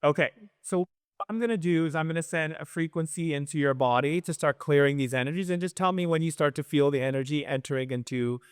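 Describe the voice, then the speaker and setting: A man working as a shaman, guiding an energy healing session, calmly directing and chanting strings of ritual syllables. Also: on the high side, fast, clear, resonant tone, no room sound, studio quality. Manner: chants in invented-sounding syllables, calm directive tone.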